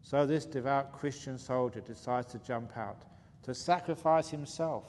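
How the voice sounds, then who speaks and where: During a retreat Q&A in a hall, a male meditation teacher jokes playfully and chuckles at his own humor. His mid-range voice is a little slow and darkish, with faint hall reverb and light room noise.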